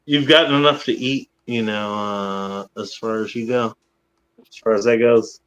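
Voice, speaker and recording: A man's voice: lowish voice, steady tone, a little slow, fairly bright tone, clear, resonant tone, muffled recording. A man hosting a casual livestream chat, rambling and swearing freely, with hiccups. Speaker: podcast host.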